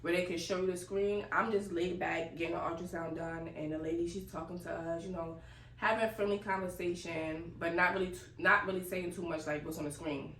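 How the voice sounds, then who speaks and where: A young woman telling a casual, animated story and laughing as she goes. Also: on the low side, a little fast. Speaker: vlogger. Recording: echoey room, distant mic, faint noise.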